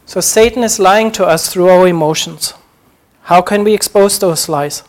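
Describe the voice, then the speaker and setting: A man's voice: sits high, moderate pace. A man preaching a sermon, earnest, acting out short quoted prayers as he teaches.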